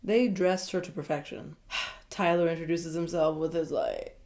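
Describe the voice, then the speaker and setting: A woman recapping a reality dating show in a casual, chatty way, animated and gossipy, often breaking into giggles. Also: low-pitched, normal speed.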